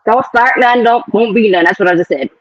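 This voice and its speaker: A woman in her forties joining a livestream, sassy with quick comebacks. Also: a little high, muffled recording. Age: 40s. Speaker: stream guest. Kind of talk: casual banter on a livestream.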